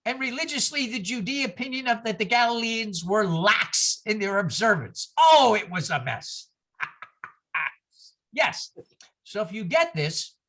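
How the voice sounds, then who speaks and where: Animated older man teaching on a video call. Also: sits high. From New York. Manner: animated, digressive, tells anecdotes with asides. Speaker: minister teaching a class.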